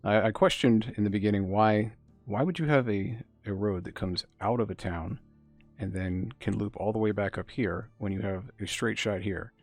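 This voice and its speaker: Man, game streamer, casual musing commentary, low voice, faint music behind. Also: moderate pace, a little mellow. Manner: chatty, musing.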